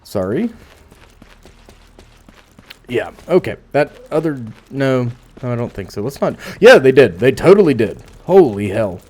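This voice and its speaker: A man's voice: mid-range voice, sing-song, unhurried, pauses often, a little mellow. A man casually commentating as he plays a video game, musing aloud with dry asides. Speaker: gameplay commentator. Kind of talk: casual let's play commentary.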